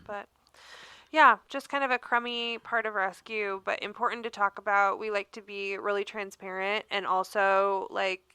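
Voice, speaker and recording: A woman co-hosting a podcast in casual chat, backing up her partner with quick agreement and jokes. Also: mid-range voice, steady tone, sharp tone, smooth, no room sound. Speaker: podcast co-host.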